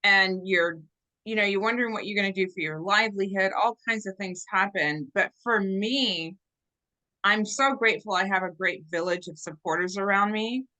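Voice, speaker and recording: A woman guest telling her story in an animated, earnest way over a video call. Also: mid-range voice, normal speed, rough recording. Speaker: interview guest. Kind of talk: casual storytelling.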